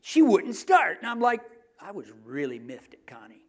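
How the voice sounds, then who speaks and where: Joking pastor with hushed asides. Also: male voice, high voice, wildly swooping pitch, moderate pace. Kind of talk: sermon.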